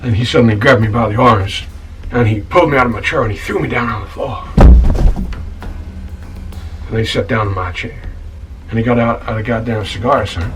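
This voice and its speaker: An actor playing a self-righteous scoundrel tavern keeper in a comedy web series, telling an indignant, stammering monologue and calling the listener son. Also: male voice, lowish voice, fairly quick, far from the mic, close to an everyday voice, rough recording. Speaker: title character of a comedy-drama web series. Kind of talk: comic monologue. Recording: voice a bit off-mic, with music behind.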